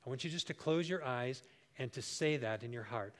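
A man's voice: mid-range voice, fairly quick. A man in his sixties preaching a sermon as pastor, telling a homely story and acting out the voices he quotes. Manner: warm storytelling, acts out quoted voices with big jumps.

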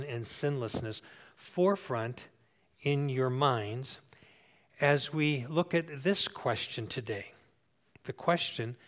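Preaching in church, this pastor in his sixties keeps his tone conversational, repeating phrases for emphasis and checking in with his congregation. His voice sits a little high.

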